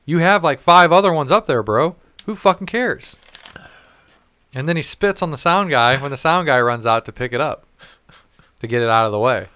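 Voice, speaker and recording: A man spins a rambling, profane story in a casual chat, slipping into quoted voices along the way. His voice is smooth and resonant, and the sound is dry and close with no room to it. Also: fairly high pitch, expressive, normal speed, pushed and bright, dry recording.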